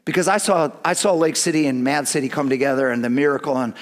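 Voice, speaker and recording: A pastor preaching a sermon with earnest delivery that swings between hushed, quiet passages and emphatic declarations. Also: male voice, mid-range voice, fast talker.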